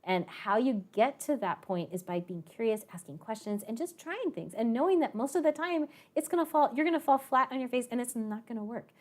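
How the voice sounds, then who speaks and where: A woman's voice: on the high side, lively intonation, brisk, few pauses, darkish tone. A woman math and science teacher telling a story to her students in a chatty way, with many fillers and acted-out quotes. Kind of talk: storytelling to students in an online class.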